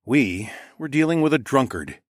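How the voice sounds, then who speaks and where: A man narrating a first-person fantasy story in a steady, descriptive storytelling voice. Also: medium pitch, normal speed, no room sound, studio quality. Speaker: audiobook narrator.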